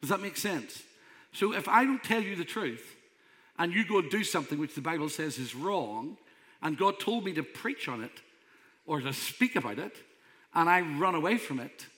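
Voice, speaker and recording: Male pastor, emphatic conversational preacher, bright voice, reverberant hall. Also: a little high, lively intonation, moderate pace. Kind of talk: sermon.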